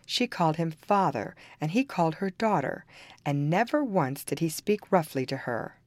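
A woman reads a fairy tale aloud in a low voice that rises and falls with lively pitch. Her storybook narration keeps a calm, even pace. The recording is dry and close. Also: moderate pace, no room sound.

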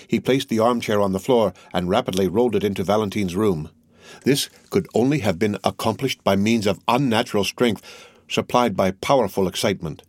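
Low-voiced male audiobook narrator. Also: no room sound. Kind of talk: scripted narration of a classic novel.

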